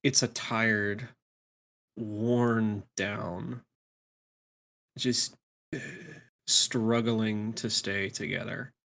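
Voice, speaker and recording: A man describing his character in a tabletop game, speaking in a halting, hesitant way. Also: lowish voice, steady tone, gravelly, fairly bright tone. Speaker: player.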